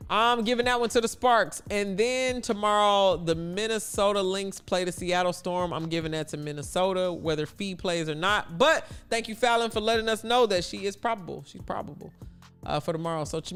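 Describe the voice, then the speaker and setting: A man hosting a casual sports talk livestream, chatty and blunt with animated asides. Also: sits high, clear, resonant tone. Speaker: livestream host.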